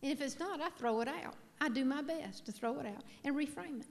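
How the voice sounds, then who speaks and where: A middle-aged woman with a high voice speaks a little fast as she delivers a funny keynote in a large hall before a live audience. This motivational speaker tells folksy stories at her own expense and asks the audience questions.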